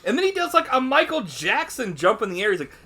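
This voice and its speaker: Guy ranting about a dumb action movie on a podcast, swears a lot, super animated, bright voice. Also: extremely high pitch, quick pace, breathy edge. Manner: animated, swearing, mocking impressions of movie characters. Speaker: podcast co-host. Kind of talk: casual film review banter.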